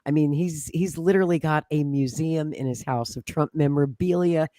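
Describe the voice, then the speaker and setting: A woman's voice: sits low, moderate pace, warm tone, no echo, clean studio sound. An American woman talking politics as a podcast guest, confident and talkative, with frequent restarts. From United States. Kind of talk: casual political chat.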